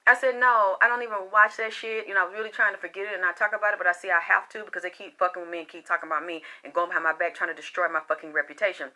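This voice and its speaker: A woman's voice: lowish voice, steady tone, very fast, few pauses. A woman giving a heated, profane, confrontational rant straight to her viewers. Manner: loud and exasperated. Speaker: spiritual reader and vlogger. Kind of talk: unscripted personal rant to camera.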